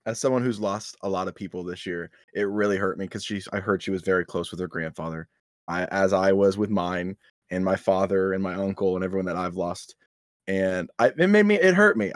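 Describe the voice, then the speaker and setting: A man's voice: low-pitched, expressive, fairly quick, fairly bright tone, no echo, clean studio sound. A man co-hosting a podcast, telling a rambling, self-mocking story in casual chat, swearing and laughing at himself. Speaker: podcast co-host.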